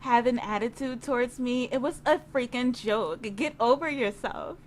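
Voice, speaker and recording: A sassy young woman with a catty, insulting edge, put on by a female gamer. Her voice sits a little high. She trades digs like a game rival looking for a fight. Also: moderate pace, a little hiss or hum, natural voice. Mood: snippy.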